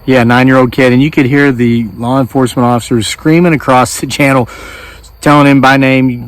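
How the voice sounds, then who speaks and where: A man in his forties with an Appalachian American accent, telling a story in a casual, animated way. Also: medium pitch, normal speed, no echo. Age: 40s. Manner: animated, acts out voices in quotes. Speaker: homesteading vlogger.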